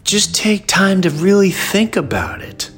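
A man's voice: high voice, sing-song, unhurried, fairly bright tone, breathy edge, faint music behind. A middle-aged man hosting a podcast, talking through an impassioned, preachy solo monologue. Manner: impassioned, preachy rant with emphatic swings. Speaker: podcast host.

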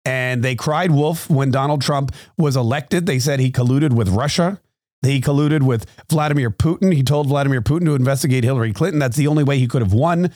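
A man's voice: medium pitch, a little fast, a little mellow, no room sound, studio quality. A man hosting a podcast, telling a story in a rambling, sarcastic comic monologue. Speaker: podcast host.

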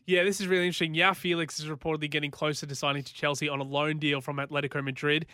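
Fast, bright sports reporter. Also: male voice, fairly high pitch, little pitch movement, dry recording, clean studio sound. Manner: quick, informed, passionate about football. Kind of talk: sports news chat.

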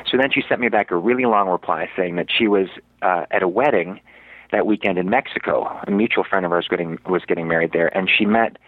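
Low-voiced man rambling through a story. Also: a little fast, dry recording. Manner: rambling, with many fillers and restarts. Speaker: actor, interview guest. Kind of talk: casual storytelling in an interview. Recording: dry, tinny, phone-like radio audio.

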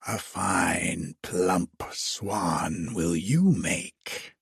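A man's voice: deep voice, very slow, gravelly, husky, dry recording, pitched below the performer's own voice, heavily acted. Cruel old storybook witch, hissing and menacing, dry close sound; a man reads her. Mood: taunting.

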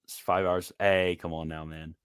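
A man's voice: sits low, little pitch movement, normal speed, smooth, no echo, studio quality. A man from Maryland with a Maryland accent, hosting a casual livestream chat in a rambling, laid-back way full of fillers. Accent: Maryland American. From Maryland, USA. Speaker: show host.

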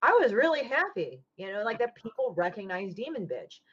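A woman comic artist in casual podcast chat, talking bluntly and swearing freely as she retells a falling-out with lively energy. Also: mid-range voice, brisk, breathy edge. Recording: dull lo-fi audio.

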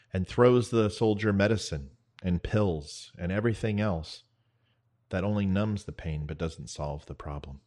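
A man hosting his own show, telling a spoken parable in an earnest, measured way with dramatic pauses. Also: low voice, darkish tone. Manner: veteran advocate. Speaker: show host. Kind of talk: spoken parable, storytelling monologue.

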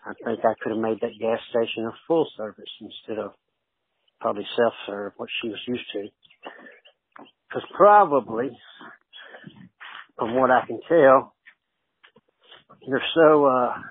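A man's voice: medium pitch, breathy edge, no echo. A man from Texas with a Texan accent, calling in to a podcast and leaving a crude, joking voicemail. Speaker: listener calling in. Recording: tinny phone-line sound.

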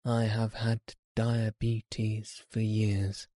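A man voicing a weary, dying old man in a slow, grave audiobook reading. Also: fairly low pitch, monotone, dark tone, no echo. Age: older.

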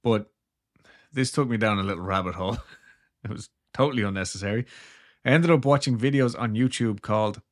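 Speaking fairly quickly in a fairly low-pitched voice, a man co-hosts a podcast and retells a story loosely. His delivery is jokey and laid-back, often dissolving into laughs.

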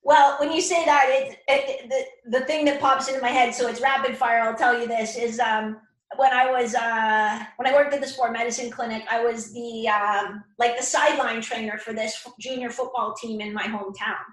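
A woman guest in a casual interview, an animated storyteller who laughs often. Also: a little high, normal speed. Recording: roomy echo.

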